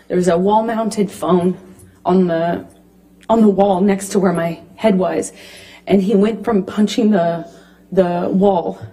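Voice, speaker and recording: A woman testifying as a witness in a courtroom, speaking haltingly and often restarting her sentences. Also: medium pitch, dark tone, low-quality recording. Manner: halting, hesitant, restarting phrases. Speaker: trial witness.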